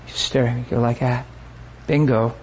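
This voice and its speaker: A man preaching a sermon, telling a story with lively energy and acting out the people he quotes. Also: medium pitch, moderate pace, a little hiss or hum, low-quality recording.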